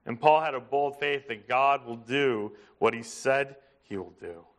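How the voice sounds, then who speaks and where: A man preaching a sermon, emphatic, asking his listeners questions and slowing down to stress a point. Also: mid-range voice. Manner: emphatic, asks the congregation questions. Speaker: pastor.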